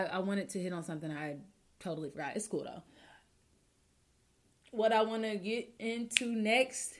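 A woman's voice: mid-range voice, fairly bright tone. A woman hosting a casual call-in talk show alone, speaking openly and emotionally after a few drinks, often asking listeners whether they follow her. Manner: candid and chatty, often asks listeners to agree.

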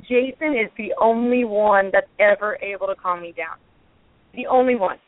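A woman's voice: medium pitch, moderate pace, no room sound. Woman guest calling in to a radio show, candid and defensive, talking in long restarting runs over a thin phone line. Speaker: reality show cast member, guest. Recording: tinny phone line, dry.

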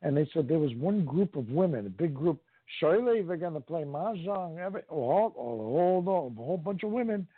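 Man, slightly high voice, rambling casual chat, tinny phone sound, dry. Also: expressive, a little fast, few pauses, husky, no room sound. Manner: rambling, fillers and restarts while retelling news.

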